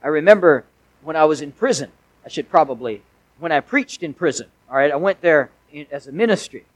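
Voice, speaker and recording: A man's voice: a little high, lively intonation, fairly quick, no echo, low-quality recording. Man preaching a folksy, emphatic sermon. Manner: conversational preaching with folksy asides and emphatic swells. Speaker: pastor.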